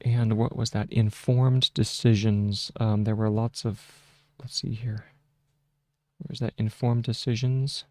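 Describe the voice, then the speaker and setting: A man talks through a screen-share tutorial at a leisurely, halting pace, full of fillers and restarts as he thinks aloud. His voice sits somewhat low. The close desk microphone gives a dry sound with no room echo. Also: flat delivery, mellow. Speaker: shorthand tutorial host. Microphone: close desk microphone with a mute button.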